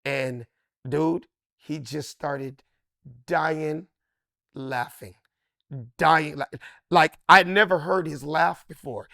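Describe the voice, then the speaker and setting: A man in his fifties tells a story in an interview with a comedian's lively, emphatic delivery. His voice sits fairly high for a man. It sounds close and dry, with almost no room around it. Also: takes it slowly, creaky, pauses often, no room sound. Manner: lively and emphatic, swinging from loud excited bursts to low hushed asides. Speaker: comedian and actor, interview guest. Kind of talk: animated storytelling in a sit-down interview.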